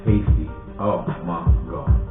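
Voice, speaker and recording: A man's voice: deep voice, slow, reverberant, phone-quality sound, over music. A man hosting a casual home cooking vlog, talking playfully to his viewers and teasing them as he shows off his food. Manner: playful, hyped-up talk to viewers with teasing asides.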